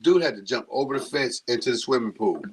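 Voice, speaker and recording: A man's voice: mid-range voice, expressive, fast, a little hiss or hum. A man telling stories in a casual chat, acting out the people he quotes. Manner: acts out quotes in funny voices.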